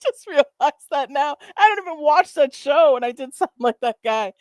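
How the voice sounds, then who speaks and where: A woman's voice: high voice, lively intonation, normal speed, no room sound, studio quality. A woman hosting a casual stream, talking in a profane, mocking, rambling way with lots of fillers. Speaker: host.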